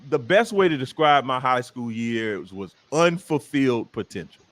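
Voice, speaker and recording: A man's voice: medium pitch, moderate pace, no echo. A man with a Southern American accent, a comedian telling jokey stories as a guest in a casual interview chat. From Southern United States. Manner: animated storyteller, jokey.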